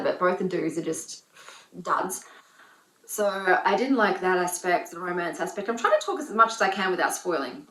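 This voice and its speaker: A woman reviewing books in a casual vlog, talking in an opinionated, animated way with lots of fillers. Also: mid-range voice. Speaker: book reviewer. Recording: roomy echo.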